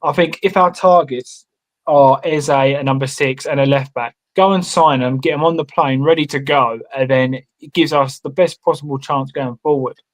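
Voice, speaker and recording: A man's voice: on the high side, steady tone, moderate pace. A man on a football fan podcast who thinks aloud hesitantly, restarting his sentences. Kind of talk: casual fan chat.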